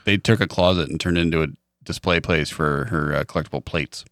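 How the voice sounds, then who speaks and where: Podcast co-host, man, quick wry storyteller, dry close mic. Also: extremely low pitch, a bit bright, no echo. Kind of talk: casual chat. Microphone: studio mic.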